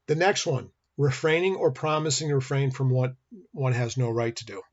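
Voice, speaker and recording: A man's voice: medium pitch, steady tone, normal speed, muffled recording. A middle-aged man, teaching college business law in a recorded lecture and telling folksy stories. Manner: folksy storyteller, acts out dialogue. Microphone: built-in computer or webcam mic.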